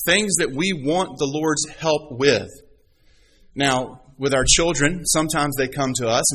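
A man's voice: mid-range voice, a bit bright, low-quality recording. A male pastor giving a conversational sermon, reading scripture and acting out quoted voices in a playful way.

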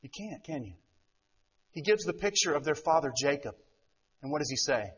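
A middle-aged man preaches a sermon in a husky, rather high voice. He keeps turning to the listeners with rhetorical questions and acts out the voices he quotes. The recording sounds dull and lo-fi. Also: big pitch swings, normal speed. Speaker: pastor.

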